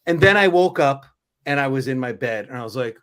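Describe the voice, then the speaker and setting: A man's voice: medium pitch, lively intonation, a little fast, a bit bright. Man telling a rambling bar story. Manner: storytelling, acts out quoted voices. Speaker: podcast co-host. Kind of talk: casual chat. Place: lives in Korea.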